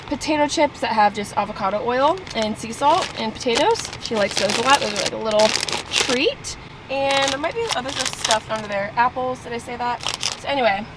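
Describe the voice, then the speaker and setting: Out of breath, a young vlogger chats casually and cheerfully, leaning on "like" and "you know." Her voice is on the high side, with background noise present.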